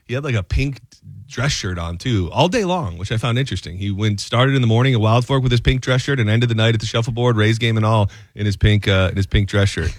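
A man hosting a radio show, chatting casually and telling rambling, animated stories. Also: fairly low pitch, no room sound, studio quality. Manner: fast, rambling, animated storytelling. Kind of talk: casual talk radio banter. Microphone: studio mic.

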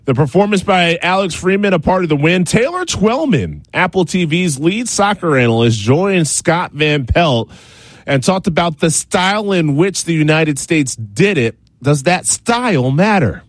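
A man anchoring a sports news show, reading scripted segments in a brisk, measured way. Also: on the high side, lively intonation, no room sound.

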